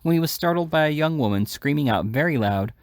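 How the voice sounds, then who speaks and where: A man's voice: on the high side, lively intonation, fast, dry recording, clean studio sound. A man reading a classic novel aloud in a casual way, with occasional slips and restarts. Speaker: reader. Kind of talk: audiobook reading.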